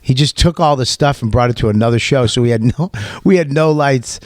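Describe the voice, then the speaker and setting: A man who is a comedian, telling animated stories as a guest in a radio studio. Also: medium pitch, fairly quick, dry recording. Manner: animated, acts out voices in anecdotes. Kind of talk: casual storytelling. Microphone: studio microphone.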